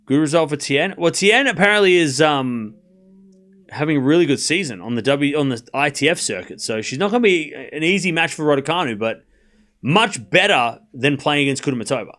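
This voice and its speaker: Male streamer, slightly high voice with a lively, bouncing delivery; calls points and banters with chat. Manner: chatty, talks straight to his live chat, with quick asides and restarts. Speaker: host of a live tennis watchalong stream. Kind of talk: casual live commentary and chat with viewers.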